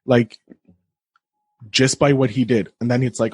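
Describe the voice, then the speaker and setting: A man's voice: mid-range voice, sing-song, moderate pace, a little mellow, slightly rough, no room sound. A man hosting a casual podcast chat, riffing enthusiastically. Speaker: podcast host.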